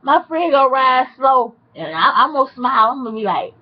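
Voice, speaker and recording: Woman vlogger, sassy and animated storyteller, slightly high voice, muffled lo-fi sound. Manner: sassy, animated, drawn-out asides. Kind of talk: casual storytelling.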